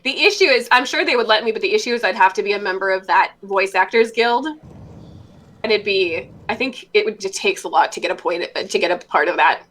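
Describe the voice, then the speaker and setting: A woman's voice: medium pitch, fairly quick, fairly bright tone. A woman from the US Midwest with a Minnesota accent, chatting casually on a livestream with lots of fillers. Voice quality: chatty, filler-heavy, frequent laughs.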